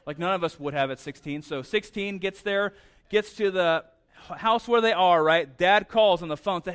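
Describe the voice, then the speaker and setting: A man's voice: high voice, lively intonation, moderate pace, a bit bright. A man preaching a sermon in a conversational way, often stammering and repeating words. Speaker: pastor.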